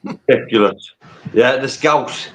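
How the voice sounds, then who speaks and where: A man's voice: medium pitch, takes it slowly, a crowd in the background. A man with a northern English accent from England, chatting casually as a panel guest, blunt and swearing freely. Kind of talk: casual chat.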